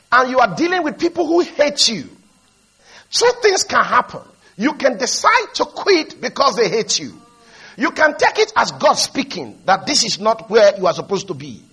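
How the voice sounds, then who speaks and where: A man preaching a sermon, leading the congregation to repeat his lines and building up to shouted emphasis as he tells stories. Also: extremely high pitch. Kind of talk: sermon with call-and-response.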